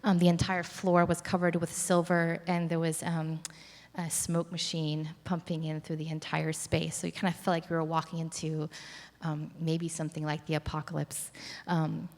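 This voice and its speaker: Reflective woman with a low voice in a reverberant hall. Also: completely flat delivery, normal speed. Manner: reflective, storytelling with many fillers and restarts. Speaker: curator. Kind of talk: conversational interview on stage.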